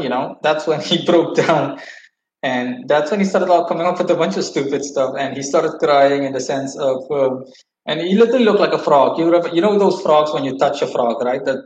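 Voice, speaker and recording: A man telling a long story to his livestream viewers, rambling, cursing and restarting as he goes. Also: on the high side. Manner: rambling, profane, animated retelling. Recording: roomy, slightly dull sound.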